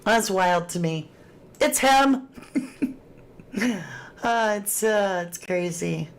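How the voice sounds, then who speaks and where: A woman's voice: medium pitch, extremely slow. A woman hosting a casual livestream, chatting and reading viewer comments aloud with frequent laughs. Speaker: true crime livestream host.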